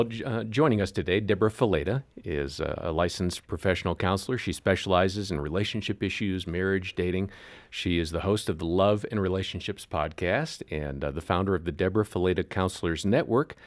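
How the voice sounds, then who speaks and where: A male co-host with a very low voice reads a show introduction. His delivery is smooth and even, like a radio announcer.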